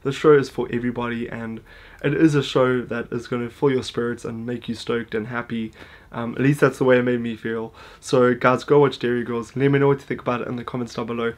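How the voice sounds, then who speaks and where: A man's voice: mid-range voice, level tone, a little fast. A man talks casually to his viewers, upbeat and eager as he recommends a show. His voice sits in an ordinary middle range, and he stacks up repeated words for emphasis between frequent fillers. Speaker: TV show reviewer. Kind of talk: casual YouTube review talk to camera.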